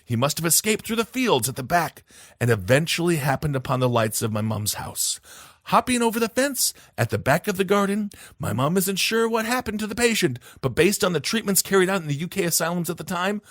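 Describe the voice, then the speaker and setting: A man hosting a comedy podcast, reading listener stories aloud with animated, jokey asides. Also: high voice, a little fast, no echo, studio quality. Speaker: podcast host.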